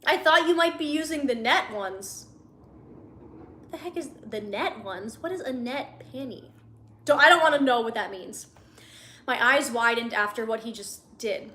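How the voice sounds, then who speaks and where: Young woman reading fanfic on a stream, high voice, keeps laughing and roasting it, echoey room. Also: moderate pace, bright, forceful tone. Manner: laughs often, mocking asides. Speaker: livestream host reading fan fiction aloud. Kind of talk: reading aloud with sarcastic commentary.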